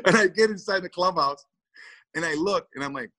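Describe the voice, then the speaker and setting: A man's voice: high-pitched, moderate pace, sharp tone, low-quality recording. A man, a former baseball player, telling a story in an interview with lots of repeated words, acted-out quotes and laughter.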